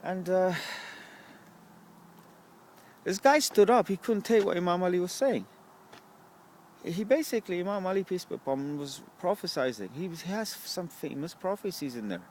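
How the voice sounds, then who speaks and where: Young man, rambling foul-mouthed monologue, slightly high voice, faint traffic hum behind. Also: lively intonation, fairly quick, a little mellow. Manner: swears often, rambles, asks "right?" a lot. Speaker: vlogger. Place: outdoors at a bus stop.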